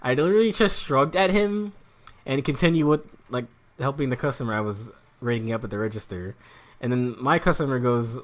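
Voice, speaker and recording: A man's voice: mid-range voice, lively intonation, normal speed. A young man chatting casually while streaming a game, rambling and joking, swearing freely and laughing often. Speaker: gaming streamer. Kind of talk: casual chat while gaming.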